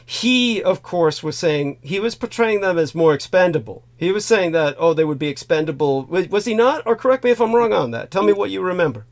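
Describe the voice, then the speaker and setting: Male host, slightly high pitch, rambling with lots of "uh"s, for a talk show. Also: animated, fairly quick, hardly any pauses. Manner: rambling, many fillers and restarts, bursts of laughter. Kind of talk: casual film discussion.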